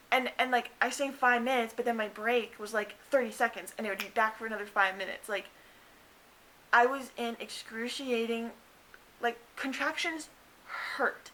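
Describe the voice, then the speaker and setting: A woman's voice: sharp tone, low-quality recording. A young woman in her twenties telling her birth story in a chatty way, full of fillers, acting out what people said. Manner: chatty, many "like" fillers, acts out quotes in higher voice. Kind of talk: casual storytelling to camera.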